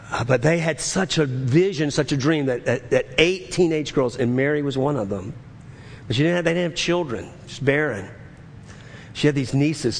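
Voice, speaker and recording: A man's voice: mid-range voice, vocal fry. A man in his fifties, a pastor preaching a sermon, telling a story earnestly and then rising into fervent preaching. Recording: long reverb of a large hall with faint noise.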